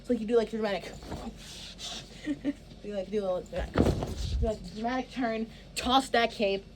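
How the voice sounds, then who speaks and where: Woman, director type, rambling blocking notes, slightly high voice, faint background noise. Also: fairly quick. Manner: rambling, filler-heavy, restarts often. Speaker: stage director. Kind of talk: casual rehearsal instructions.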